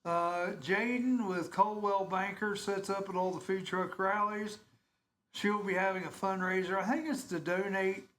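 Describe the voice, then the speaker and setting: A man hosting casual local radio, chatty and rambling and quick to laugh. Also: sits high, steady tone, sharp tone.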